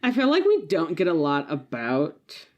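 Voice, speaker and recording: Low-voiced woman in animated chat. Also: unhurried. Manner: animated, laughs often, frequent "like" fillers. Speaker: podcast co-host. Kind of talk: casual chat.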